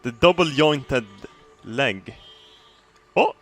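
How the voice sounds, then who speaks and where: Excitable man narrating his gameplay. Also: mid-range voice, unhurried, long pauses, faint music behind. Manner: excitable, giggly, swears often. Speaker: gamer. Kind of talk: gameplay commentary.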